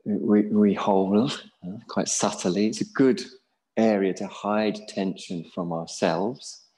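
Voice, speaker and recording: A man teaching a yoga class in a Buddhist centre studio, relaxed and joking about himself as he guides the students. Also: lowish voice, slow, rough recording. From England. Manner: relaxed and jokey, self-mocking asides.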